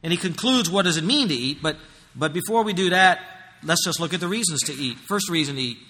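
A man delivers a sermon in a high voice with a piercingly bright, sharp tone. He preaches emphatically, rising to loud exhortation and then dropping to a hush. A long reverb from a large hall trails after his words. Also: animated, fast talker. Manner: emphatic preaching, swinging between loud and hushed. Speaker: pastor.

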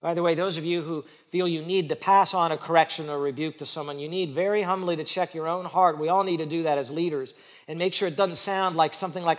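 A man preaching a sermon as pastor, emphatic, repeating phrases for stress and swinging between loud and hushed. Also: on the high side, a little fast, long reverb tail.

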